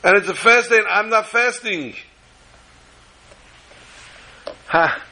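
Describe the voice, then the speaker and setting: A man putting on a high, desperate village farmer. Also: fairly quick, pushed and bright, rough recording. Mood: distraught. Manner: pleading, tearful outcry. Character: simple, anguished male farmer from a village.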